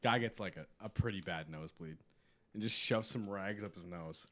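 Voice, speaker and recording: A man's voice: low voice, moderate pace, a bit bright. A man co-hosting a podcast, teasing his friend in a playful way during casual chat. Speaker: podcast co-host.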